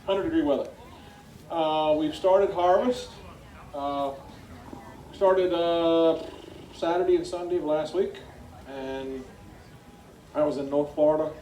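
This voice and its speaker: A man's voice: on the high side, dark tone. A middle-aged man with a South Georgia accent, a farmer giving a chatty talk to a live audience and asking them questions. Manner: folksy, chatty, asks the crowd questions. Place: meeting hall before an audience. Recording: echoey room, heard from a distance.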